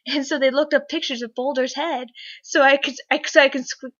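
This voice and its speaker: Bright-voiced young woman rambling excitedly. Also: high voice, brisk. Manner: rambling, filler-heavy, excitable. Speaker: vlogger. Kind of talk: casual storytelling to camera. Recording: dull lo-fi webcam audio.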